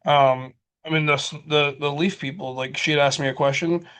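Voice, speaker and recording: A man's voice: a little high, normal speed, smooth. A man from Michigan co-hosting a podcast, ranting in casual chat with lots of swearing and quoted back-and-forth. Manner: rants with swearing, quoting others in animated bursts. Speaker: podcast co-host.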